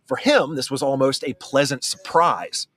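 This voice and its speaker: Measured male news reporter. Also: mid-range voice, fairly bright tone. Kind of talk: scripted news narration.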